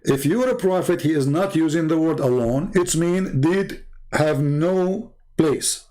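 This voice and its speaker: Combative man, rather high voice. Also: lively intonation, mellow. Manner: mocking, argumentative, rapid-fire rhetorical questions. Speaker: livestream debate host. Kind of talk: combative livestream commentary.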